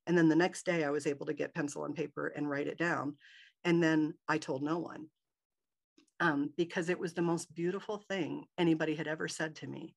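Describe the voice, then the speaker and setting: A woman's voice: low voice, steady tone, a little fast, creaky. A woman guest in an interview, telling a personal story with animation and acting out the dialogue in a raised voice.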